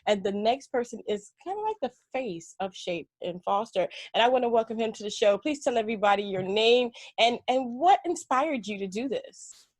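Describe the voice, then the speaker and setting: A woman's voice: a little high, normal speed, no echo, studio quality. A woman hosting an interview show, playful and chatty, laughing often and joking with her guest. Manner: playful, animated, laughs often, uses "like" and "y'all". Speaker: show host. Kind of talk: casual interview chat.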